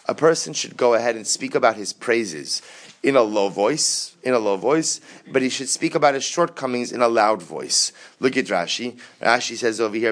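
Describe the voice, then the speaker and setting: A man's voice: medium pitch, fairly bright tone. Man, Talmud teacher, study lesson, explanatory, quotes then translates, repeats and rephrases.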